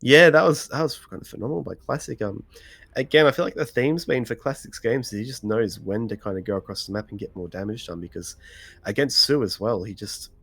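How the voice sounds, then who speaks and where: A man casting a live strategy game in a relaxed, chatty way, half asleep, with many pauses and small laughs. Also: mid-range voice, creaky, slightly rough. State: sleepy. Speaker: esports caster. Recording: faint game music underneath.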